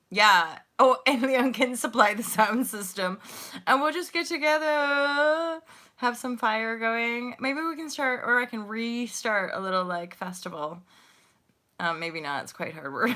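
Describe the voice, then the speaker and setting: Woman in her forties, livestream host; bright, chatty, slangy, laughs easily. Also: mid-range voice. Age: 40s. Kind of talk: casual livestream chat.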